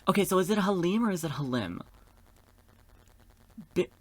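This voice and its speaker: A man's voice: high voice, fairly even intonation, racing, no room sound. A man hosting a gaming video, reading a visual novel aloud and breaking off for sassy, campy, profane asides.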